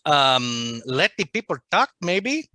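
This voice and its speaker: A man's voice: a little high, very animated, slow pace, pushed and bright, no echo. A man co-hosting a podcast in casual, joking banter, swearing freely and throwing in mocking asides. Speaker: podcast co-host.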